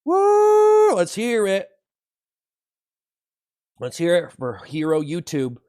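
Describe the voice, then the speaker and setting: A man hosting a livestream, shouting repeated whoops between slow, sarcastic slogans praising himself to his viewers. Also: a little high, lively intonation. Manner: sarcastic, ironic self-praise. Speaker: livestream host. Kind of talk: mock-hype livestream chat with viewers.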